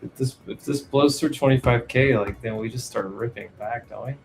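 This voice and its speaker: A man's voice: medium pitch, moderate pace, vocal fry, darkish tone, faint music behind, poor audio. A man co-hosting a live trading stream, asking questions and reading out news headlines. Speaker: trading co-host.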